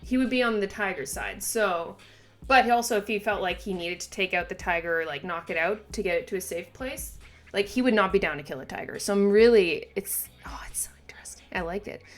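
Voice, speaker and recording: A woman hosting a manga reaction video, excitable and gushing, swearing freely as she reads along and reacts. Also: medium pitch, a little fast, faint music behind. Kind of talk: reaction vlog.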